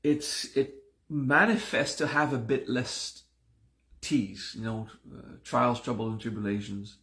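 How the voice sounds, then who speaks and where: A man's voice: mid-range voice, fairly even intonation, a little slow, fairly bright tone. A man teaching a spiritual class in a conversational way, repeating himself and restarting his sentences. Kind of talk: live-streamed class talk.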